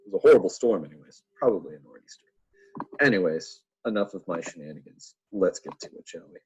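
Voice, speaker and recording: A man's voice: low-pitched, animated, fast talker, a little mellow, highs cut off, a little hiss or hum. A man teaching a church Bible lesson in a playful way, full of jokey asides to his listeners.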